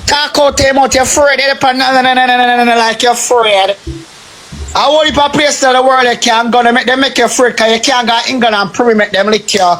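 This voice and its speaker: A man's voice: extremely high pitch, steady tone, brisk, a bit bright. A man with a Jamaican accent doing a heated, repetitive rant on a phone live stream, swearing heavily. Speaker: social media live streamer.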